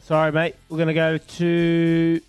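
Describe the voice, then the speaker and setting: A man hosting a breakfast radio quiz, playful and quick to laugh. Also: on the high side, completely flat delivery, clean tone, no room sound, faint music behind. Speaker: radio show host.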